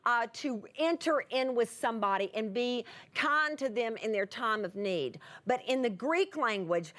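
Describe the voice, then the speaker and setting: A high-pitched middle-aged woman preaching from scripture. She speaks earnestly and emphatically, stressing key words and checking in with her audience. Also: fairly bright tone. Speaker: Bible teacher. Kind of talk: sermon.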